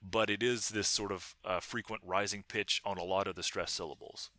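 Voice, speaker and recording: Male linguist guest, very bright tone, halting delivery, dry close sound. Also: lowish voice, fairly even intonation, no room sound. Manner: halting, many restarts. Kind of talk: casual academic discussion.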